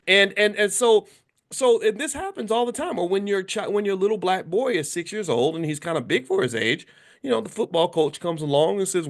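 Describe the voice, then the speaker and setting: A middle-aged American man with a high voice talks briskly as he hosts his finance education channel. His motivational talk is casual and animated, and he acts out the voices of the people he quotes.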